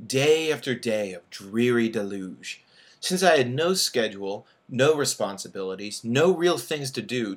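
A man in his thirties, an author reading his own fiction aloud and breaking off for casual asides with fillers. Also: fairly low pitch. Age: 30s.

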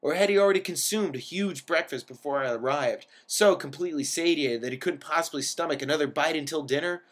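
A man reads a first-person story aloud in a wry, expressive manner. His voice sits a little high for a man, and he pushes key words up with sudden emphasis. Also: brisk, hardly any pauses. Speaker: reader of a story.

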